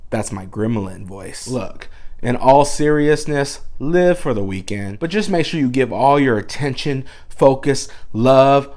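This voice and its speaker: A man, a dad vlogger, giving mock-serious sarcastic advice and swinging between hushed asides and loud bursts. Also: mid-range voice.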